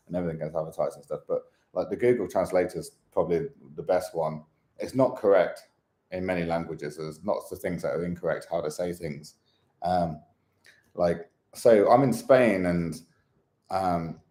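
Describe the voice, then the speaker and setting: Deep-voiced man rambling casually. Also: warm tone. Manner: chatty, wandering, with frequent fillers and chuckles. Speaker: vlogger. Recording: echoey room.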